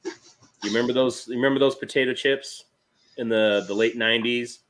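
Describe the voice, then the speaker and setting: A man co-hosting a casual stream, joking loosely and quick to laugh. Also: medium pitch, steady tone, a bit bright, rough recording. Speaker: podcast co-host. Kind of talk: casual chat.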